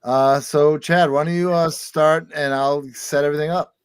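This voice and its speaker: A man's voice: a little high, steady tone, normal speed, clean tone, no room sound. Man hosting with a dry, close sound. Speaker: podcast host. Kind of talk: casual chat.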